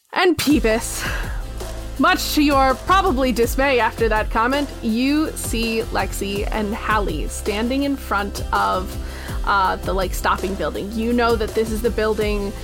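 Young woman narrating a tabletop game. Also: medium pitch. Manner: casual, lots of "like" and "um". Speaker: game master.

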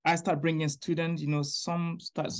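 A man from Niger, a podcast guest telling his personal faith story in an earnest, animated way. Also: a little high, moderate pace. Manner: earnest, animated storyteller who acts out quoted voices.

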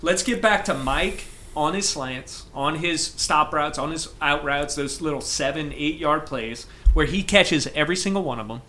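A man co-hosting a casual sports podcast, laying out firm opinions and agreeing in quick bursts. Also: on the high side, sharp tone, a little hiss or hum. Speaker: podcast co-host.

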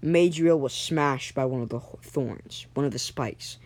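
A young storyteller improvising a story episode, halting, with frequent restarts and self-corrections. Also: medium pitch, a little mellow, slight background noise.

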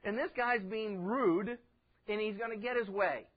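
High-voiced folksy pastor preaching. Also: male voice, measured pace, husky, highs cut off. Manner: folksy, acts out voices in his stories. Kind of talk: sermon.

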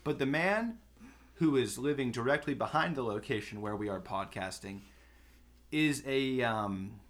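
A young man hosting a comedy podcast, delivering deadpan, mock-pompous rants. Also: medium pitch, measured pace. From Los Angeles. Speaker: podcast host.

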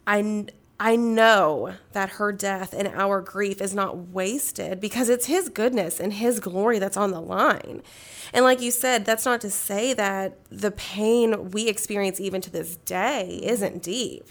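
A young woman as an interview guest, speaking earnestly and emotionally about loss and reading scripture slowly and solemnly. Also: mid-range voice. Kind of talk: heartfelt personal testimony.

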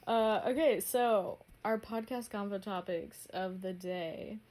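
A woman's voice: medium pitch, takes it slowly, darkish tone. A young woman co-hosting a podcast, rambling casually with lots of fillers and jokes. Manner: rambling, filler-heavy, joking. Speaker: podcast co-host. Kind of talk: casual chat.

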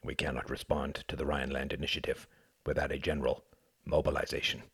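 A man voicing a grave, stern French general in an audiobook, with a rough voice. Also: very deep voice, level tone, quick pace, a bit bright, dry recording, clean studio sound, full character voice. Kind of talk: audiobook character reading.

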